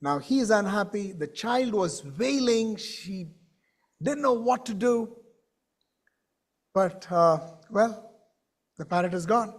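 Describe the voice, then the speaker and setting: A man telling a story to a conference audience in an animated way, with questions to the crowd. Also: sits high, slow, long pauses. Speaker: keynote speaker. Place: conference stage.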